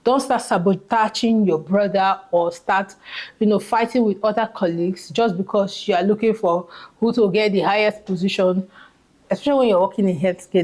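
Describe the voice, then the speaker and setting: A woman's voice: mid-range voice, a little mellow. A woman with a Nigerian accent giving advice in a casual vlog, emphatic and repeating key phrases for stress. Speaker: vlogger.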